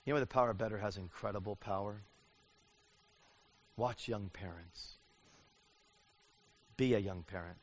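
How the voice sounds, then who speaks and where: A middle-aged man preaching a sermon in an animated way, acting out the voices he quotes. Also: on the low side, moderate pace, long pauses. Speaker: pastor. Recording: dull lo-fi sound.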